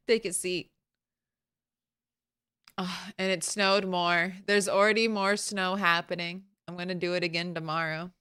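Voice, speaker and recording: A woman's voice: on the low side, flat delivery, moderate pace, pushed and bright, smooth, dry recording. A woman game streamer chatting casually from home, greeting viewers by name and laughing often.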